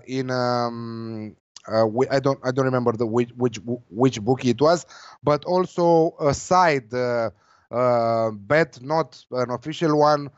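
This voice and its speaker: A man's voice: mid-range voice, clear, resonant tone, no room sound. A man giving football betting tips in casual chat, hesitant with many fillers. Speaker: betting tipster. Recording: dull lo-fi dry sound.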